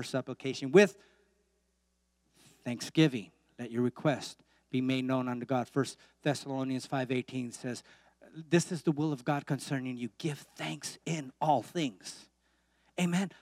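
A man's voice: medium pitch, no echo, studio quality. A man preaching a sermon as pastor in a church, emphatic, with repeated calls and amens.

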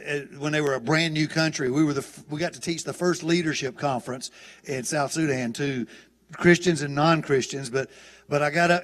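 A man's voice: on the high side, fairly bright tone. Southern man preaching in a reverberant hall. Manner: folksy and chatty, with many restarts. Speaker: guest preacher. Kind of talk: sermon. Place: church auditorium. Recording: long church hall reverb.

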